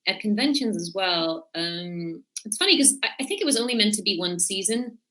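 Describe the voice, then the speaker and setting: An actress answering fan questions in casual chat, telling stories with lots of soft fillers. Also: female voice, medium pitch, lively intonation, fairly quick. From Netherlands. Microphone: computer or phone mic on a video stream.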